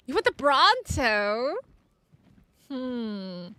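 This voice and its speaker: A woman gaming streamer with a high, bright voice that swings widely in pitch. She talks her way through her gameplay live, excitable and quick to burst into exclamations and laughter. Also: dry recording. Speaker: game streamer.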